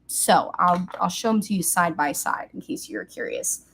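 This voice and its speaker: A woman's voice: on the low side, expressive, moderate pace, vocal fry, hardly any pauses, a bit bright, husky. A bubbly young woman chats through her makeup routine into a webcam at home. Her talk is casual and chatty, and she squeals with delight now and then. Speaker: beauty vlogger. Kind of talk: casual get-ready-with-me chat.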